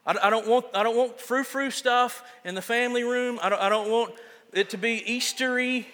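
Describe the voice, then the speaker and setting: Man pastor, high and bright, joking and chatty in the pulpit, long reverb of the sanctuary. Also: steady tone, normal speed. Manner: casual, self-deprecating preaching with frequent restarts. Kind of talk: sermon.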